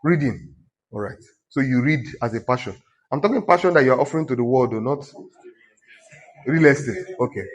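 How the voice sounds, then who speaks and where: A man's voice: mid-range voice, expressive, brisk, long pauses. A man with a Nigerian accent preaching a sermon as a pastor, exhorting and teasing his congregation in a conversational way.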